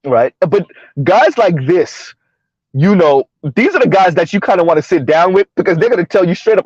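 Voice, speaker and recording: A man's voice: high voice, animated, moderate pace, darkish tone, breathy edge, no echo. A man hosting a casual commentary vlog who chuckles often and keeps asking his audience "right?". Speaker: host, social commentator. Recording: dull lo-fi recording, dry.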